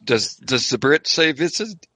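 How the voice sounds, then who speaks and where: A man's voice: on the high side, sing-song, measured pace, bright, forceful tone, husky, no echo, poor audio. A man co-hosting a casual tabletop gaming discussion, rambling along with frequent filler phrases.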